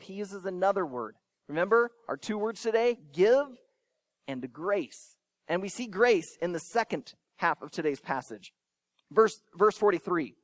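A man preaching a sermon, addressing young listeners directly with questions and swinging between emphatic lines and soft asides. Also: sits high, dry recording. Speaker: pastor.

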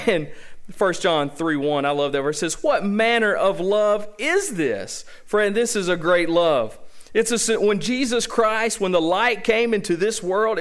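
A man with a Southern US accent preaching a sermon as pastor, asking rhetorical questions and repeating key phrases for emphasis. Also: high voice. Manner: opens with a slow, hushed prayer.

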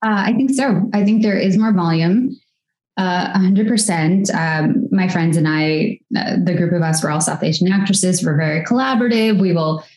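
Reflective woman with a low voice, echoey room. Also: normal speed, a little mellow. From United States. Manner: reflective, talkative, many fillers. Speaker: actress and guest. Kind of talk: casual interview conversation.

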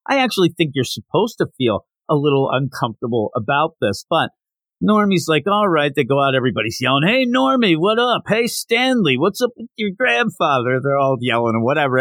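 A man hosting a podcast, casually recapping a comic issue and jumping into quick, animated voices for the characters' lines. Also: mid-range voice, no echo. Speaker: podcast host.

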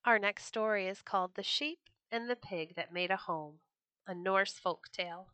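A woman reads classic children's stories aloud in a bright, ringing voice. The sound is close and dry, with no room around it. She keeps it lively, lifting her voice for the characters. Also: medium pitch, moderate pace, clear, resonant tone, dry recording. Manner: expressive, raises her voice for quoted birds. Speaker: storyteller reading aloud. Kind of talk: storybook reading for children.

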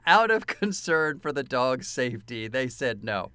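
Medium in pitch and unhurried, this man's voice has a clean tone in a dry recording. As a co-host on a casual film podcast, he tells anecdotes animatedly, often swearing and laughing.

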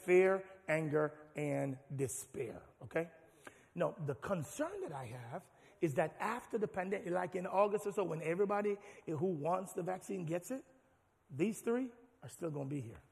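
A man preaching a sermon as pastor, animated and rising to shouts. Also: high voice, moderate pace, vocal fry. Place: large church hall. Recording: long hall reverb.

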